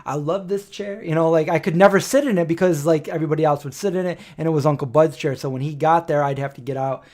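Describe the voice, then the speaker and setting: Man in his forties, slightly higher pitch, rambling live stream host, voices the quotes in his stories. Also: fairly even intonation, fast, a little mellow. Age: 40s. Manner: anecdotal, acts out quoted dialogue.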